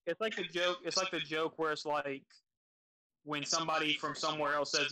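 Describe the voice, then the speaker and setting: Southern US man, guest analyst, loose and joking, bright tense tone, fairly high pitch. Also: flat delivery, fairly quick, poor audio. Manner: joking, easygoing. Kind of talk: casual chat over voice call.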